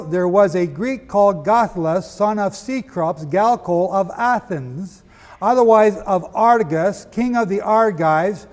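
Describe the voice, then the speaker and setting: A man's voice: high voice, a little mellow. A man teaching a lecture-style sermon, reading quotations aloud and asking the audience questions. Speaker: Bible teacher. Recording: long hall reverb.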